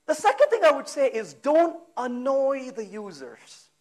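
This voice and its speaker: A man gives an animated technical conference talk. His voice sits high and swings widely in pitch. He throws out rhetorical questions and acts out exasperated asides. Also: unhurried. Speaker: conference speaker. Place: conference hall.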